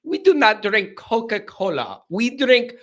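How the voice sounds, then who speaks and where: A man's voice: extremely high pitch, sing-song, a little slow, voice pushed up, full character voice. A man voicing a snobbish rich man who demands luxuries, speaking in a haughty, made-up foreign accent.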